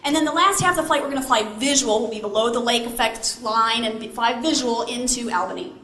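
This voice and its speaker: A woman motivational speaker telling a story to a live audience on a stage mic, animated and asking the crowd questions. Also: a little high, fast. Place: large event hall. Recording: echoey hall with faint noise. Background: audience responses.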